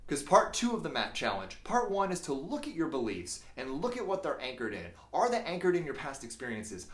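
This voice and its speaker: A man talking as a life coach in a motivational livestream, animated, often laughing at himself and swearing casually. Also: fairly high pitch, reverberant.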